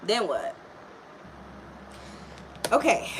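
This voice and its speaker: A woman's voice: medium pitch, brisk, fairly bright tone, a little hiss or hum. Woman tarot reader, live stream, mid-range voice, blunt and profane, chatty big-sister energy. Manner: frank, profane and chatty, talking straight to a viewer. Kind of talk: casual live tarot reading.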